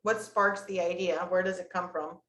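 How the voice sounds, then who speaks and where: A woman's voice: lowish voice, steady tone, moderate pace, a bit bright. Woman host in a roomy echo. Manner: probing, follow-up questions. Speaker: podcast host. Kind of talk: casual podcast interview.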